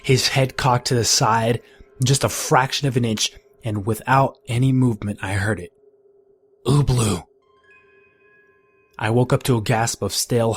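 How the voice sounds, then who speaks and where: A man reading a first-person horror story in a measured, grim storytelling manner. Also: fairly low pitch, slightly rough, no echo. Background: faint music.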